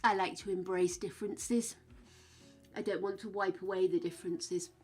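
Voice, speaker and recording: A woman's voice: mid-range voice, steady tone, moderate pace, a little mellow, husky, soft background music. A woman chatting casually with her stream viewers, frank and chatty, swearing now and then. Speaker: game streamer.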